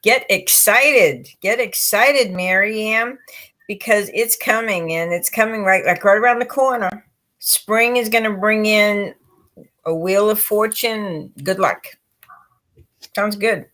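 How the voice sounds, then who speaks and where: A woman's voice: medium pitch, takes it slowly, a bit bright. A woman reading tarot cards on a live stream in an upbeat, encouraging way. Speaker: tarot reader.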